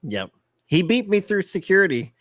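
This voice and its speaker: A man co-hosting a podcast, telling a rambling story in casual chat with many fillers and quick laughs. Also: sits high, sing-song, a bit bright, dry recording, studio quality. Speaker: podcast co-host.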